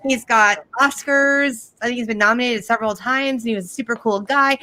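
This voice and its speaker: Sarcastic, high-voiced woman comedian. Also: fairly quick. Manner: sarcastic, animated storytelling with mocking impressions. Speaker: stand-up comedian. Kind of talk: stand-up comedy set on a video call.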